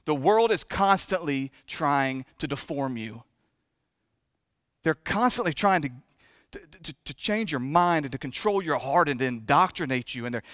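A man preaching a sermon in a church, impassioned and repetitive, moving between hushed and loud delivery. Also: a little high, dry recording, clean studio sound. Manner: chokes up with emotion. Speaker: pastor. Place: church sanctuary.

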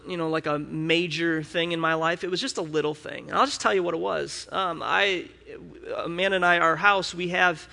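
Bright, gravelly pastor in a reverberant hall. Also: male voice, a little high. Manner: candid and personal, with frequent restarts and asides. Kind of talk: conversational sermon.

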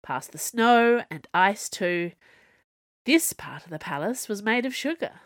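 Woman storyteller, expressive, wry, lively pitch, dry close sound. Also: unhurried, dry recording. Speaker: audiobook narrator. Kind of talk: storybook narration.

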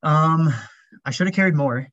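A man's voice: fairly high pitch, moderate pace, fairly bright tone, no room sound. Rambling man talking shoes, dull audio. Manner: rambling, heavy with fillers like "um" and "like". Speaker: podcast guest, ultrarunner. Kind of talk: casual interview chat.

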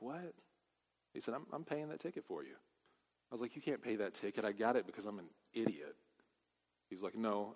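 A man preaches to his congregation, his somewhat low voice ringing through a hall with long reverb. He moves between emphatic scripture passages and casual personal stories. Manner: emphatic preaching, storytelling with asides. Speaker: pastor. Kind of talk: sermon.

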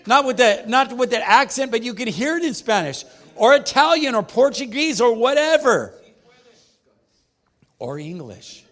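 A man with a notably high voice preaches a church sermon, emphatic and full of back-and-forth with the room. He calls out questions and drives his points home with repetition. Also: sing-song, normal speed, a bit bright. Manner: emphatic call-and-response preaching with the congregation. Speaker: pastor.

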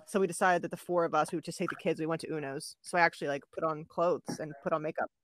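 A woman's voice: low-pitched, fairly even intonation, racing, no room sound, studio quality. A woman co-hosting a podcast, chatting casually and a little self-deprecating. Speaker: podcast co-host. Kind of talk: casual chat.

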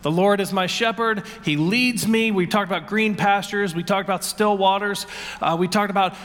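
A man's voice: high voice, fairly even intonation, moderate pace, a bit bright. A male pastor preaching earnestly to his congregation, often restarting his words and leading them in call and response. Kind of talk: sermon. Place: church sanctuary. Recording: long hall reverb.

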